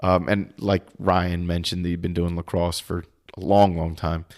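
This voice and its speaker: A man's voice: deep voice, little pitch movement, normal speed, darkish tone. A man co-hosting a podcast, chatting casually over fight footage, thinking aloud with restarts and casual swearing. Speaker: podcast co-host. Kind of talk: casual video commentary chat.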